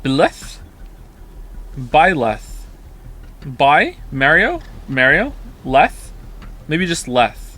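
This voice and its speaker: Male streamer with a slightly high, bright voice doing loose, rambling casual chat with viewers. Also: very animated, drawn-out words, long pauses, slightly rough. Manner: chatty, rambling with frequent restarts. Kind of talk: casual livestream chat reacting to viewer comments.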